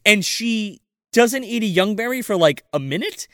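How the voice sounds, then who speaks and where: Animated high-voiced man recapping. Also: moderate pace, no room sound, studio quality. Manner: animated, profane, acts out quotes. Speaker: podcast co-host. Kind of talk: casual movie recap chat.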